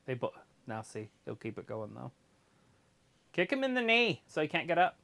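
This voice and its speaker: A woman co-hosting a livestream, giving blunt, deadpan commentary on a live match that turns excitable during the action. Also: sits low, moderate pace, creaky. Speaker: livestream co-host.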